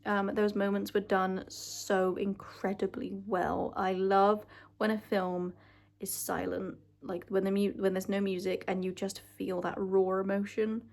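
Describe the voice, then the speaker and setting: Young woman vlogger, casual gushing chat, emotional, swears a lot, mid-pitched voice. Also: level tone, unhurried, creaky, a little mellow. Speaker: vlogger ranking films.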